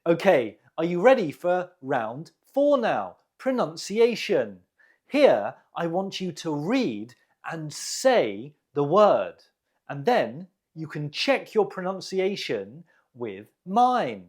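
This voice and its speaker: Guy teaching english quiz, slow and careful, bouncy tone. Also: on the high side, big pitch swings, darkish tone. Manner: slow, deliberate model pronunciation. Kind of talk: quiz lesson.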